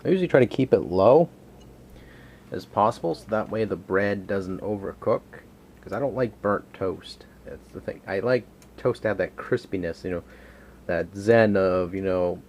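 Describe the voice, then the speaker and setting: A man's voice: sits low, darkish tone, a little hiss or hum. A man hosting a casual home cooking vlog from his kitchen, rambling and joking as he cooks and chats to his dog.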